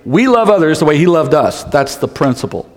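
A pastor preaching a conversational sermon, tossing in rhetorical questions and light jokes. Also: male voice, fairly high pitch, very animated, fairly quick. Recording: long hall reverb.

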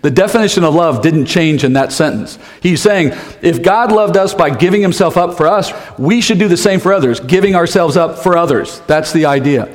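A man preaching in a reverberant church, his slightly high voice ringing out into the hall. He keeps it conversational, asking the congregation questions and tossing in the odd joke. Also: normal speed, few pauses. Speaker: pastor. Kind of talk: sermon.

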